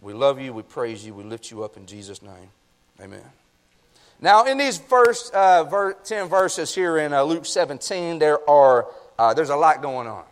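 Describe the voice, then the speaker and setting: A man's voice: on the high side, lively intonation, moderate pace. A man preaching a sermon as pastor, reading scripture and praying, folksy and addressing the congregation directly. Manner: folksy, talks to the congregation with "y'all". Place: church sanctuary.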